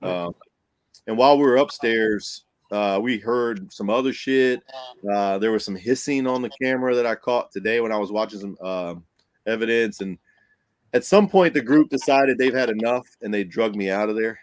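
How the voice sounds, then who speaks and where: Animated man telling a spooky story. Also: fairly low pitch, moderate pace, dry recording. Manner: animated, acts out quotes, laughs often. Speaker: paranormal investigator guest. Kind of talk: casual storytelling on a podcast.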